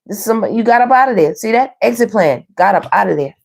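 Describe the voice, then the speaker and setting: Giving a relaxed online tarot reading, this woman speaks fast and expressively in a slightly high voice with vocal fry and a hint of mellowness. She's playful and talkative, laughing often as she addresses her viewers directly.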